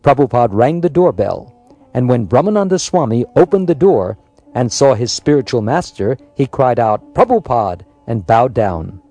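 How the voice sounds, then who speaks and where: A man reading a biographical story aloud in a measured, scripted narration. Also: mid-range voice, animated, mellow, no echo. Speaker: audiobook narrator.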